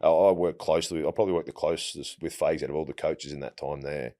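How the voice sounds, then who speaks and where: A man in his forties with an Australian accent, relaxed and anecdotal as an interview guest, often restarting his sentences. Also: a bass voice, fast. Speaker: guest, retired footballer. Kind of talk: casual interview storytelling.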